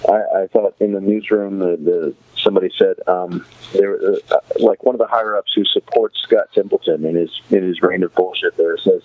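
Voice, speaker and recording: A man's voice: deep voice, steady tone, normal speed, narrow, tinny audio. A man hosting a podcast, chatting casually about a TV series and rambling through restarts and fillers. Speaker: podcast host.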